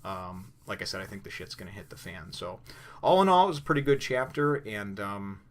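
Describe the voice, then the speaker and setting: A man with a fairly low voice gives a casual spoken review. He retells the story in a loose, rambling way. His talk is full of fillers and restarts. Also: big pitch swings, a little fast. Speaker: comic book reviewer.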